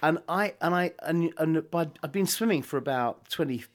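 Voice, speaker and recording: An older man and musician guest, telling lively anecdotes in casual chat. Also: on the high side, normal speed. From England. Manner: lively storyteller, chuckles often.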